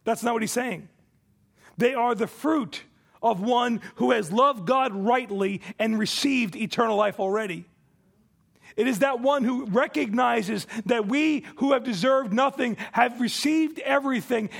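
Male pastor, high gravelly voice, emphatic sermon delivery with big swings in loudness. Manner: emphatic preaching, rising and falling in volume.

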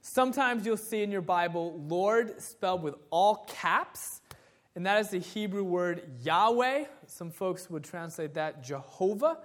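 A young man delivers a sermon in a church, chatting and poking fun at himself as he tells stories. His voice sits fairly high for a man. He speaks as the assistant pastor to his congregation. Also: animated, a little slow. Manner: conversational, self-deprecating storytelling. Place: church sanctuary.

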